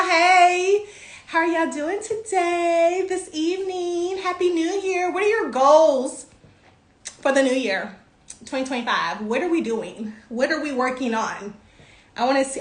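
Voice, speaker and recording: A young woman hosting a casual livestream, greeting viewers by name in bubbly, drawn-out sing-song tones. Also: sits high, roomy sound.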